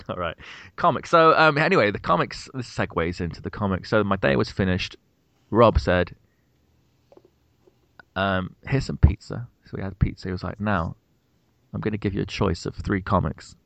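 A British man in his thirties with a low, gravelly voice, chatting casually on a podcast. He tells stories with lively acted-out quotes. The sound is dry and close. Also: normal speed, pauses often, no echo. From Britain. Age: 30s. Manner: animated storyteller, acts out quotes with big pitch jumps. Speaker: podcast co-host. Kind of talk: casual storytelling chat.

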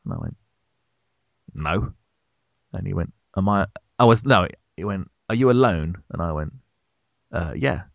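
A British man in his thirties with a low, gravelly voice, chatting casually on a podcast. He tells stories with lively acted-out quotes. The sound is dry and close. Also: a little slow, long pauses, dry recording, highs cut off. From Britain. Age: 30s. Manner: animated storyteller, acts out quotes with big pitch jumps. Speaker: podcast co-host. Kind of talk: casual storytelling chat.

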